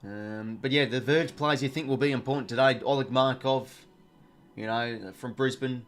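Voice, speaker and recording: A man's voice: mid-range voice, fairly even intonation, moderate pace, fairly bright tone. A young Australian man hosting a live watch-along stream, chatting casually, full of fillers and greeting viewers from chat.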